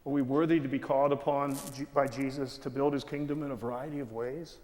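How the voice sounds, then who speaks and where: A man's voice: medium pitch, steady tone, fast, darkish tone. A man who is a bishop, hosting a panel conversation, asking questions in a folksy, reflective way. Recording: long hall reverb.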